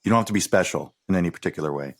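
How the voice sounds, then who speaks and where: A man co-hosting a podcast, speaking in a measured, reflective way. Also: low voice. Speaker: podcast co-host. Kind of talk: casual movie discussion.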